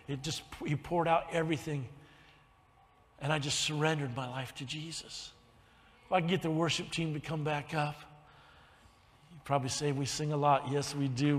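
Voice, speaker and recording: A male pastor preaching a sermon in a church, telling his own conversion story, dropping to a hushed near-whisper and then rising to loud preaching. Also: a little high, big-room sound. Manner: swings between hushed confession and loud preaching. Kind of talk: sermon with personal testimony. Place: church sanctuary.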